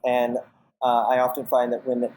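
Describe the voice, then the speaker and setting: A casting director and manager appears as a podcast guest, speaking in a mid-range, darkish, monotone voice at normal speed. The recording is rough. He talks casually and rambles, full of fillers and restarts, acting out his own reactions.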